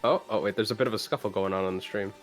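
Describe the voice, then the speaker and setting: Quick-talking low-voiced man. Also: soft background music. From Los Angeles. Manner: quick, reacts to the stream. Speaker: stream co-host. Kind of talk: casual chat.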